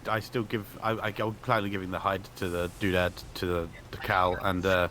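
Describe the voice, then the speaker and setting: A man's voice: low-pitched, flat delivery, a little fast, a bit bright, slight background noise. A man playing a tabletop game, chatting casually with rambling, stammering restarts. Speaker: player.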